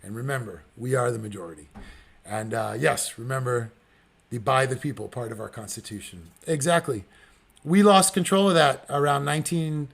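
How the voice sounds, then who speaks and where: A man's voice: mid-range voice, normal speed, creaky, a bit bright. Earnest man rallying his listeners. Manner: earnest, rallying appeals with many fillers. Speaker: podcast host. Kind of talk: casual livestream podcast talk.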